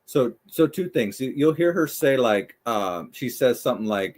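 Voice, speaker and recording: A man in casual podcast chat, blunt and emphatic, swearing often and talking quickly. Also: fairly low pitch, darkish tone. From United States. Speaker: co-host.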